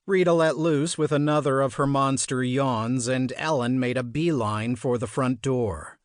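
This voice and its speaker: In scripted audiobook narration, a man tells the story at a measured pace with plenty of expression. His voice is mid-range, captured dry with studio quality.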